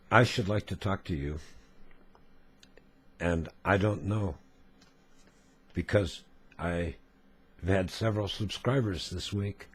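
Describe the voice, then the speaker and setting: A man speaking as a video blogger in an earnest monologue, slow, deliberate and solemn. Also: deep voice.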